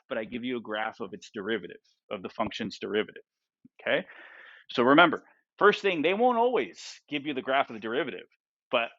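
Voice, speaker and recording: A man's voice: mid-range voice, a bit bright, no echo, dull audio. A male math teacher lecturing a class. He asks the students lots of questions and keeps checking in with "right?" and "okay?".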